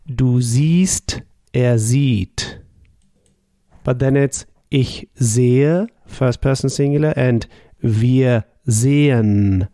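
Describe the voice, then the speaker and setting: Guy teaching a slow patient lesson, gravelly and mellow, dry close mic. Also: mid-range voice, no echo. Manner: explains slowly and patiently, models each answer. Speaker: German language teacher. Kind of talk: slow, patient language lesson with pauses for the listener.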